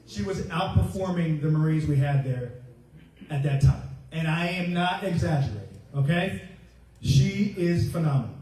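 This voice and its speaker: Joking retiring Marine, echoey ballroom. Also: male voice, fairly high pitch, animated, normal speed, dark tone, far from the mic. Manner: joking storyteller, acts out his own past remarks. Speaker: retiring Marine master gunnery sergeant. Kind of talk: humorous ceremony speech. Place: hotel ballroom.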